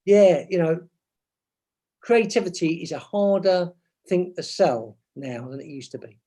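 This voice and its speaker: A man's voice: high voice, measured pace, warm tone. A man, a guest author from advertising, chatting and reading from his book with rambling, self-mocking asides.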